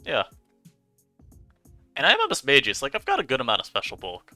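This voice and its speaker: A man giving chatty, animated commentary over his own gameplay as a streamer, laughing often. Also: mid-range voice, a little fast, no echo, faint music behind. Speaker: online game streamer.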